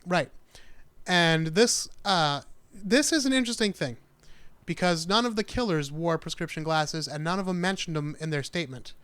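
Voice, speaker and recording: A man's voice: on the high side, normal speed, fairly bright tone, clean tone, no echo. A man hosting a podcast, telling a true-crime story in a casual, chatty way with dry jokes. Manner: chatty, dry jokes, acts out quoted people. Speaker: podcast host.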